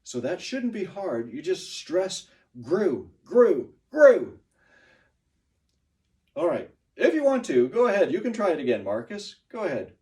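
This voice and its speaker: A man's voice: sits high, sing-song, moderate pace, hardly any pauses, dark tone, recorded from a distance. A man teaching a class, praising students by name and giving pronunciation feedback.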